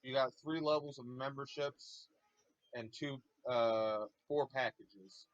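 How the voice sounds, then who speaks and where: A man's voice: medium pitch, slow pace, no room sound. Male friend on voice chat, matter-of-fact explainer, dry dull mic.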